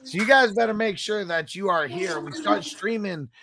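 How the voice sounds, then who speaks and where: A man's voice: high-pitched, normal speed, vocal fry, a loud crowd. A man hosting a sports podcast in loose, upbeat casual chat and moving it along to the news. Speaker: podcast host.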